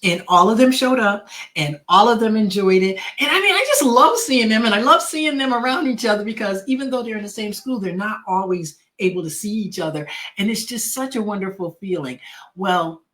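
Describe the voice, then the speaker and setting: Grieving woman host. Heartfelt personal talk, halting, lots of repeated words and ums. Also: medium pitch, a bit bright. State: grieving, emotional. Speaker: podcast host.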